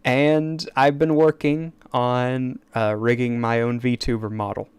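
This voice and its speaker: Male streamer, casual stream chat, rambling with restarts, unhurried, dry close sound. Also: medium pitch, level tone, a little mellow, clear, resonant tone, dry recording. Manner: rambling, with stammered restarts and eager asides. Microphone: desk microphone.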